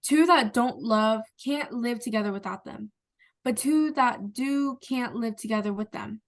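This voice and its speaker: A woman student reciting a poem aloud in a clear, expressive reading. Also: a little high, a little slow. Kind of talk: poetry recitation.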